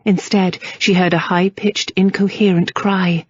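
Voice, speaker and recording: Husky woman narrating an audiobook. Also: mid-range voice, little pitch movement, a little slow, no room sound, lo-fi sound. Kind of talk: scripted narration.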